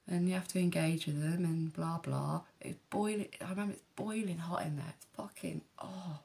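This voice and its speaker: A woman tells her own story in a frank, rambling way, swearing freely and wandering into asides. Her voice sits slightly low and carries a gravelly, fry-edged texture. She is in her thirties and talks candidly to camera. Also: fairly even intonation, normal speed, few pauses, a little mellow. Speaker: vlogger.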